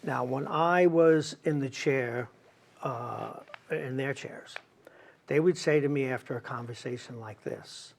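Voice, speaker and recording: A man's voice: mid-range voice, a little slow, creaky. A man hosting an interview who asks probing, reflective questions in a conversational way. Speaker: interview host.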